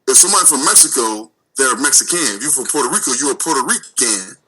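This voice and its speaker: Radio host, male, very bright tone, animated repetitive debate style. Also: mid-range voice, poor audio. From United States. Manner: animated, repeats words, acts out quick dialogues. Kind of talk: casual debate chat.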